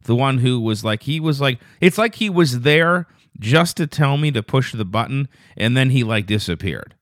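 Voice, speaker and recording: A man hosting a casual solo podcast, telling a rambling, profane story that turns loud and quick when he gets indignant. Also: medium pitch, expressive, dry recording, studio quality. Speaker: podcast host.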